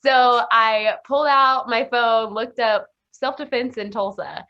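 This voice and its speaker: Lively woman, laughing storyteller. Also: fairly high pitch, measured pace. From Arkansas, US. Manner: animated, laughs often, acts out quotes. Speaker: guest, self-defense instructor. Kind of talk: casual interview storytelling. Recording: dull lo-fi sound.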